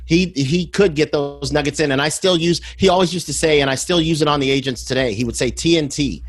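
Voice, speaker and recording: An emphatic man in his thirties or forties, talking casually as a podcast guest. He tells stories with lively swings in his voice and often restarts or repeats words to press a point home. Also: on the high side, fast talker. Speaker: podcast guest, sales manager.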